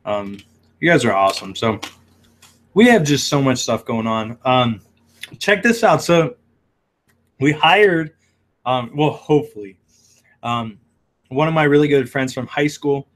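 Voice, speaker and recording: A man's voice: mid-range voice, lively intonation, unhurried, pauses often. A man who runs a shrimp shop, hosting a casual livestream with lots of fillers as he reads viewer comments aloud. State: hiccuping.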